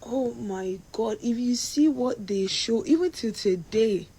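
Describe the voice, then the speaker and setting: A woman's voice: a little high, unhurried, dark tone, breathy edge, poor audio. A woman from Nigeria who moved abroad, earnestly explaining her view in a reflective commentary.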